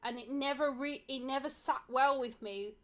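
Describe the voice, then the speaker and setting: A woman's voice: sits high, normal speed. A young woman from Yorkshire, chatting casually on a podcast with restarts, fillers and frequent laughter. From Yorkshire, England. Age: young adult. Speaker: co-host.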